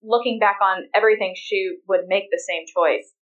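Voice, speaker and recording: A woman co-hosts a podcast in relaxed, casual chat. She sounds bubbly and laughs often, her voice in a middle register. The recording is a bit dull and lo-fi. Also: medium pitch, moderate pace. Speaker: podcast co-host.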